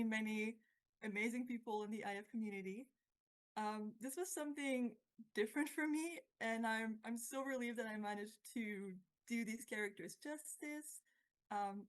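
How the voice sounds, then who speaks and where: A woman accepting an award remotely, stumbling over her words and thanking people gratefully. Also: on the high side. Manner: nervous, stammering, grateful. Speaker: award winner speaking remotely.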